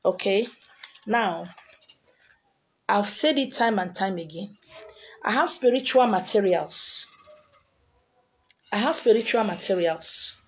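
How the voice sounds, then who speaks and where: A woman with a Nigerian accent holds forth to her viewers as a spiritual teacher. Her voice is husky and her pitch sits in the middle. She hammers her points home with repetition and pointed rhetorical questions. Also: animated, slow, long pauses. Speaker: spiritual teacher selling handouts. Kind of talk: lecturing monologue to viewers.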